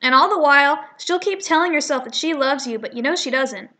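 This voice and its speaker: A woman voicing a sharp-tongued young female cat from a comic she reads aloud, cutting and scornful. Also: high-pitched, brisk.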